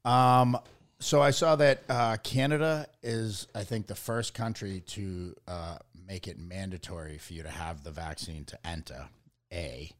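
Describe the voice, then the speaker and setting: A man's voice: low voice, fairly even intonation, measured pace. A man from Boston co-hosting a podcast, speaking in a laid-back, hesitant way with many fillers. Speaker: podcast co-host. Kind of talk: casual chat.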